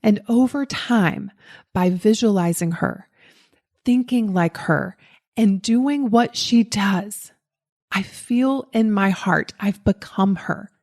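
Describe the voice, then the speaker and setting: A woman with a Southern US accent talks into a podcast microphone. She tells her own story in an easy, candid way and pokes fun at herself. Her voice sits at an everyday middle pitch. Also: slow, darkish tone. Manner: candid and self-deprecating, laughs at herself. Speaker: podcast host. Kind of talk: personal storytelling monologue.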